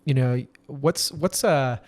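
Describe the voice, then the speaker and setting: A man's voice: medium pitch, slow, a little mellow. A young man from Minnesota with a Minnesotan accent, chatting casually as a podcast guest in a playful, joking way. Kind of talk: casual chat.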